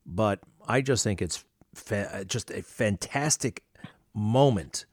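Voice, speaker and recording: A man's voice: fairly low pitch, slow, dry recording, clean studio sound. A man hosting an interview, talking casually in a rambling, hesitant way with many fillers. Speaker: interview host.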